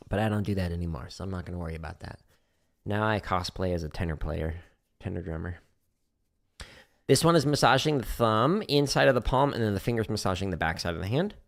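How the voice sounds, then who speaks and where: A low-pitched man with vocal fry teaches drums on a livestream from his practice room. He talks through technique in a relaxed, instructional style full of fillers, recorded on a studio microphone near the drum setup.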